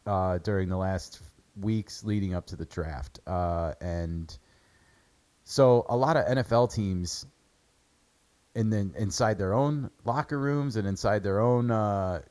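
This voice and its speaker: Man host, lower voice, chatty, casual football analysis. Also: darkish tone. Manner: chatty, many fillers. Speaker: sports podcast host.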